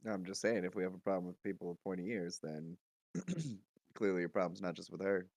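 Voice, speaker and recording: A man's voice: sits low, expressive, a little fast, vocal fry, a little mellow. A man playing a tabletop character, giving wry, dry comebacks. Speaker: player.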